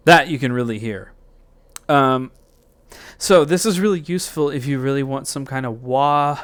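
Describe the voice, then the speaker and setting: A man talks through a music software tutorial in a loose, thinking-aloud way, full of fillers and restarts. His pitch sits in an ordinary middle range. Clear background noise runs beneath his voice. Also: normal speed.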